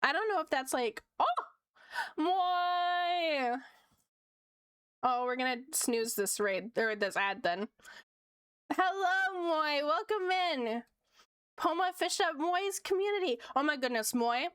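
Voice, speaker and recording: Casting: young woman streamer, high voice, chatty and giggly, dry close mic. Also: unhurried, fairly bright tone, dry recording. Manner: giggly, chatty, reads chat aloud. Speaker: art streamer. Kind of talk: casual stream chat.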